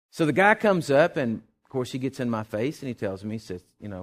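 A middle-aged pastor preaches a sermon and tells a personal story in a folksy, animated manner. His voice is medium in pitch, and he talks briskly with few pauses.

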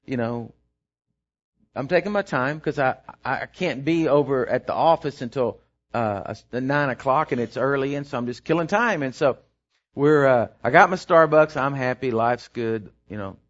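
Rambling pastor, lo-fi sound. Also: male voice, medium pitch, normal speed. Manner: rambling anecdote that builds into emphatic, excited preaching. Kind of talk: sermon storytelling. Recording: dull lo-fi sermon recording.

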